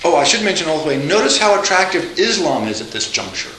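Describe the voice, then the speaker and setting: A man lecturing a college class live, lively and joking, with asides and frequent restarts. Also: on the high side, fast talker, slight background noise. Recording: echoey lecture room.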